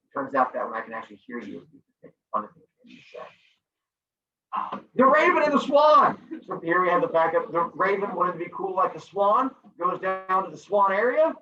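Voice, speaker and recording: A lively male teacher with a fairly high voice that swings up and down as he jokes through a class review. He sounds far from the mic in an echoey room. The call audio is dull with faint noise. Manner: animated, jokey, acts out silly voices. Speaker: middle school teacher. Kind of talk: online class review, joking lecture.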